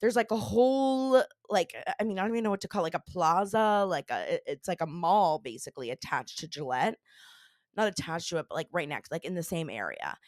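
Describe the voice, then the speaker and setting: Bubbly woman podcast host, lively voice. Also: lowish voice, fairly quick, no echo, clean studio sound. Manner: bubbly, rambling, laughs often. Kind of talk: casual podcast chat.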